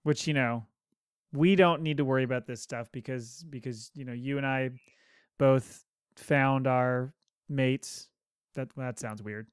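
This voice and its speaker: A man's voice: mid-range voice, normal speed, clean tone, dry recording, clean studio sound. A man in his thirties co-hosting a podcast, chatting casually and joking, laughing often. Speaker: podcast co-host. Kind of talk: casual chat.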